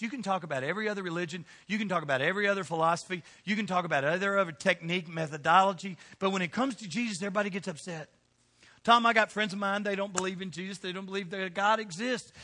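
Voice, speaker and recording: A man preaching a sermon in church, swinging between loud calls and hushed asides. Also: sits high.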